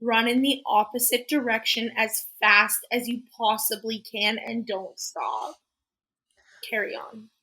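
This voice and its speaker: A woman's voice: fairly high pitch, fairly even intonation, a little slow, bright, forceful tone, poor audio. A woman on a podcast cutting in with blunt, wry asides in casual chat. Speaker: podcast co-host.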